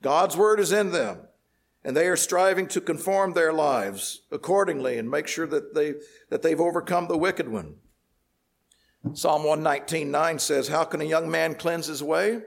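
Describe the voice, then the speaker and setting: A man preaching a sermon, explaining scripture in a measured teaching tone. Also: fairly high pitch, creaky.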